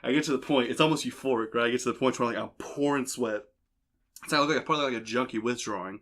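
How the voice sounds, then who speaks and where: A man's voice: medium pitch, very fast, a bit bright. A young man hosting a podcast, telling a crude, rambling story in casual chat. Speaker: podcast host. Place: basement.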